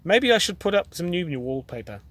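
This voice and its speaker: A man's voice: high voice, sing-song, a little fast, a bit bright, full character voice. A man with a New Zealand accent voicing a grumpy, hot-tempered male pepper in a storybook read-aloud, snapping and grumbling.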